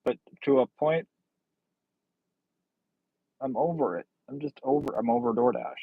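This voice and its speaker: Male stream host, sardonic and chatty, flat dry lo-fi sound. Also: mid-range voice, a little slow, creaky, slightly rough, dry recording. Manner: blunt, sardonic, rambling. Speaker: livestream host. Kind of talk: casual livestream chat reading comments.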